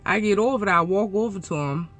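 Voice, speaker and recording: A woman truck driver telling a story to her viewers in a blunt, profane, animated way. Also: medium pitch, fast talker. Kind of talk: casual storytelling vlog.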